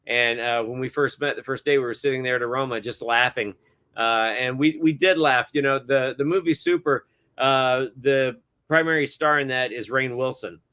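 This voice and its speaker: A man's voice: medium pitch, normal speed, sharp tone, clean tone. Rambling middle-aged man telling stories. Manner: rambling, many hesitant fillers, chuckles often. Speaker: guest cinematographer. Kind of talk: casual interview storytelling.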